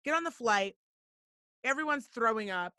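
A woman hosting a talk show, telling a story in a blunt, profane and animated way. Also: a little high, moderate pace, no room sound, studio quality. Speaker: podcast host. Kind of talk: casual storytelling.

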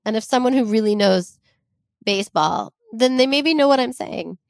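A woman's voice: a little high, expressive, normal speed, vocal fry, no room sound, studio quality. A woman podcast co-host telling a life story in casual, giggly chat and reading quotes aloud.

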